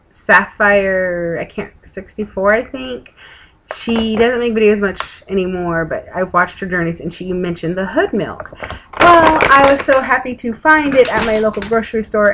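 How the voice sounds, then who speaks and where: A woman's voice: medium pitch, fairly bright tone, poor audio. A woman with a Texan accent, tired and yawning, chatting casually to camera from home in a rambling way with the odd swear. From Texas. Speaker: weight-loss vlogger. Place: home room with an open window. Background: outside noise through the window.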